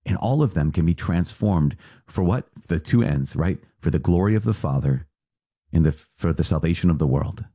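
A man, a priest, giving an earnest sermon-style reflection on a podcast with lively asides. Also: low-pitched, normal speed, breathy edge, no echo.

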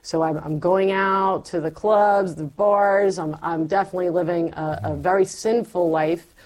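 A middle-aged woman with a fairly low pitch and measured pace recounts her faith story. The conversation is candid and animated, with her playing the part of her past self.

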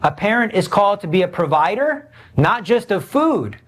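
A man preaching a sermon, earnest and impassioned, slowing down to stress key points and pressing his listeners with pleading questions. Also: high voice, big pitch swings, fairly bright tone. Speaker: Catholic preacher.

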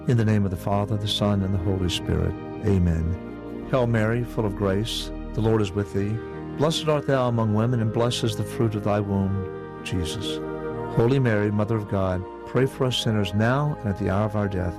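A man, a priest, slowly and solemnly reciting a short prayer. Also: fairly low pitch. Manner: slow, solemn, measured recitation. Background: new-age music.

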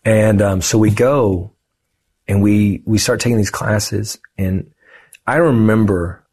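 Husky low-voiced man telling a story. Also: slow. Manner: animated, lively storyteller who acts out quoted dialogue. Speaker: podcast guest. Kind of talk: conversational storytelling.

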